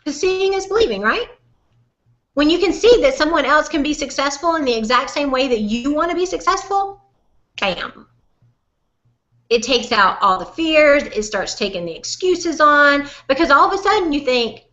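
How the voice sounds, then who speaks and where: Southern woman business coach, bright, forceful and folksy, on a dull lo-fi webinar recording. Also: sits high, moderate pace. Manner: animated, folksy and direct, calls listener "honey". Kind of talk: motivational webinar talk.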